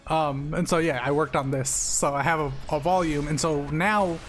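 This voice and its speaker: A man streaming games, chatting casually with friends on a call, loud and animated, swearing freely. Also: on the high side, moderate pace, soft background music. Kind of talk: casual chat while gaming.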